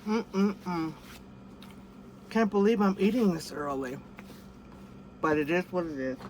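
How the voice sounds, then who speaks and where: A woman's voice: fairly low pitch, expressive, moderate pace, darkish tone, slight background noise. A woman chatting casually through an off-grid cooking vlog, describing her food and talking to her pets. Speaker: vlogger. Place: living off grid, in or by a vehicle.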